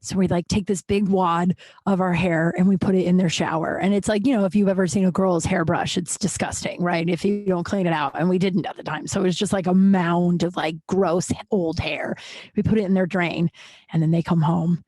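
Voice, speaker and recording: A woman in her thirties hosting a podcast, telling stories in a rambling, animated way, jittery and over-caffeinated. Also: fairly low pitch, brisk, no room sound. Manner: rambling, animated, full of restarts and asides. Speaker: podcast host. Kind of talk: casual storytelling monologue.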